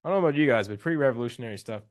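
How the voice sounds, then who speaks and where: A man's voice: mid-range voice, expressive, racing, no room sound, studio quality. A young man coaching on a live call, loose and slangy, talking with enthusiasm and restarting his sentences.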